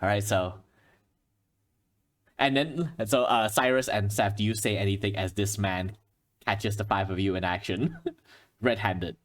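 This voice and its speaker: A man running a tabletop game as game master, narrating quickly and jumping into character voices. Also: lowish voice, fairly even intonation.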